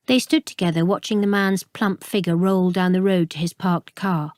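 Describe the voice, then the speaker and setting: A woman narrating a mystery novel audiobook in a measured storytelling manner. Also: lowish voice, steady tone, darkish tone, no room sound, clean studio sound. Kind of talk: scripted narration.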